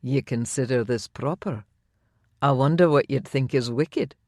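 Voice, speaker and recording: An audiobook narrator voicing a tender male Highland laird and warrior, in a low, murmuring manner. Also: measured pace, darkish tone, no echo, clean studio sound. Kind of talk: audiobook dialogue.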